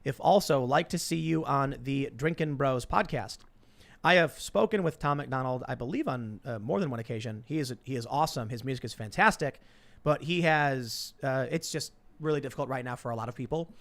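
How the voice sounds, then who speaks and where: A man hosting a live talk show, reading viewer messages aloud in quick, casual chat. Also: mid-range voice, vocal fry. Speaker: show host.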